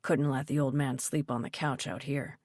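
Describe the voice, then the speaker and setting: A careful middle-aged father talks low and quiet, holding back what he knows, as a woman puts him on in an audiobook. Her voice drops well under her usual pitch for him. The recording is close and dry. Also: steady tone, normal speed, no room sound. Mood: guarded.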